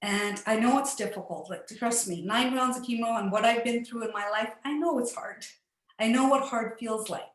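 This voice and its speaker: A woman's voice: fairly high pitch, normal speed. A middle-aged woman telling a personal story in an earnest, upbeat way, laughing often. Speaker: facilitator. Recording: echoey room.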